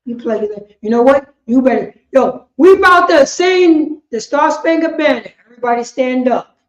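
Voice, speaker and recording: A woman with a New York accent teaching a religious class in a loud, impassioned street style, shouting and swearing as she speaks. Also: high voice, animated, normal speed. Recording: roomy, dull lo-fi stream audio.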